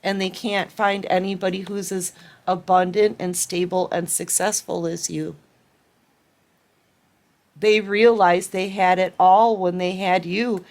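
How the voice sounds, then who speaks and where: A woman giving a collective tarot reading, speaking with emotion and sometimes acting out what others said. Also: mid-range voice. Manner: emotional, acts out quoted pleas. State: tearful at times. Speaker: tarot reader.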